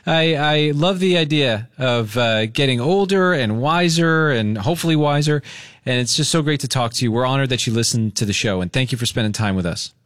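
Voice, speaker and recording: A male radio host in a studio, bantering with a caller in an excitable, enthusiastic way. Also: mid-range voice, fairly quick, no room sound. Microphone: studio microphone.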